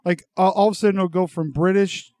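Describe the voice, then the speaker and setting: A man joins a casual comedy podcast as a guest and stumbles over his starts before landing a joke. His voice sits fairly high for a man. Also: fairly even intonation, darkish tone, no room sound, studio quality. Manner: halting, hesitant starts. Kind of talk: casual chat.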